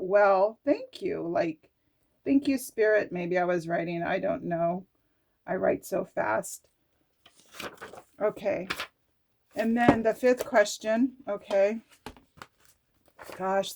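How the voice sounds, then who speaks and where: A woman's voice: mid-range voice, a little mellow. A woman reading oracle cards and her own journal notes aloud, emotional and musing, now and then swearing casually. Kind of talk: slow personal reflective talk, reading aloud from cards and journal.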